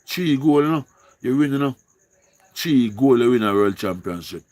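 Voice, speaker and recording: A man's voice: medium pitch, expressive, moderate pace, darkish tone. A man with a Jamaican accent hosting a casual live stream, pleading and repeating himself in singsong calls.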